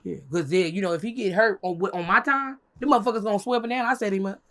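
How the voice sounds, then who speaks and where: Fast and animated, a young woman recounts a casual story as a guest on an interview, cursing along the way. She voices what others said in a high pitch.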